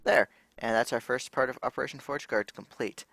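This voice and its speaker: Gravelly man rambling over gameplay. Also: mid-range voice, fairly quick, a bit bright. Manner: rambling, thinks aloud with restarts. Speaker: gaming video host. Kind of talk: casual let's-play commentary.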